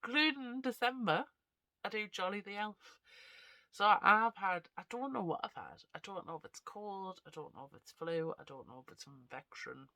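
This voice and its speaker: Vlogger with a cold, bright tense tone, dry close sound, rambling and self-deprecating. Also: medium pitch, expressive, moderate pace, no echo. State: stuffy nose from a cold. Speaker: vlogger and actor. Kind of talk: casual chat to camera.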